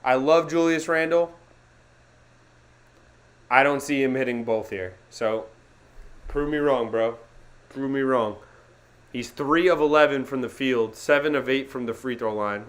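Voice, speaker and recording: A young man hosting a live sports reaction stream, swinging from gloomy muttering to excited yelling and talking to his chat. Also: mid-range voice, unhurried, long pauses. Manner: talks to chat viewers by name.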